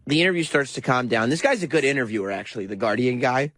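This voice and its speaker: A man hosting a talk radio show, recapping a clip in a mocking, animated way with frequent laughs. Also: mid-range voice, fast, dry recording. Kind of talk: casual talk radio commentary.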